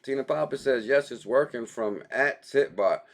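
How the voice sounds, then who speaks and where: A man's voice: mid-range voice, moderate pace, creaky. Laid-back slangy man hosting a crypto stream. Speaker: crypto livestream host. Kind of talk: casual livestream chat, reading viewer comments.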